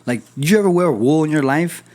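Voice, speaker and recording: A young man hosting a casual podcast chat, telling lively stories and swearing casually. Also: fairly high pitch, quick pace. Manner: animated storyteller, acts out quoted voices, swears casually. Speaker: podcast host.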